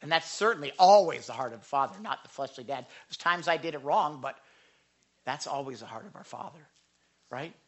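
A middle-aged man preaching a sermon, with impassioned pleas that rise high and then drop to quiet urging. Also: lively intonation, brisk. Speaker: pastor. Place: church without a microphone.

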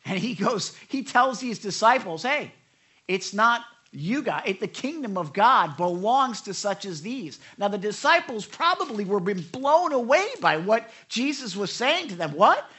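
A man preaching a sermon, telling a story and acting out quoted lines with a conversational, animated delivery and frequent asides to his listeners. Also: unhurried. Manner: animated storytelling, acts out quotes with raised pitch. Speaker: pastor.

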